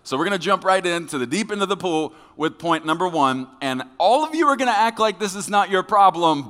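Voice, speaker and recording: Lively, bright-voiced male pastor preaching. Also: a little high. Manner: lively, joking with the congregation, acting out quoted voices. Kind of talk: sermon. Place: church sanctuary. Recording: long hall reverb.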